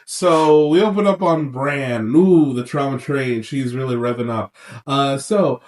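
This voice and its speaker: A man co-hosting a casual podcast recap while sick, talking in an animated way, swearing and acting out characters in quick silly voices. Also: medium pitch, distant mic. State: sick for days. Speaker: podcast co-host.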